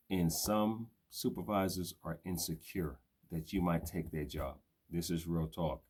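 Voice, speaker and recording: A man's voice: sits low, breathy edge. An older man from Brooklyn with a New York accent, hosting a casual live video and talking in streetwise slang. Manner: streetwise slang, shouts out viewers by name. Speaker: host of a live video show. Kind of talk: casual live-stream monologue.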